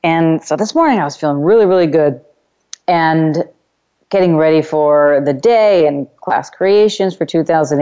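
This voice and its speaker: A woman hosting a self-help call-in radio show, speaking in unhurried, emphatic phrases and repeating chanted clearing phrases. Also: sits low, warm tone, dull audio.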